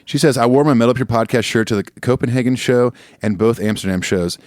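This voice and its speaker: A man's voice: mid-range voice, fast, a little mellow, no room sound, studio quality. A man co-hosting a casual podcast, reading listener letters aloud in a laid-back manner and swearing casually. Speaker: podcast co-host.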